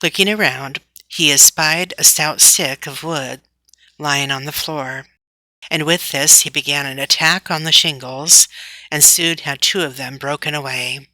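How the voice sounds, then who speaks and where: A woman reads a classic children's story aloud with a steady, even delivery. Her voice sits low but carries a bright, crisp edge. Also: a little slow, dry recording, low-quality recording. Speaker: audiobook narrator.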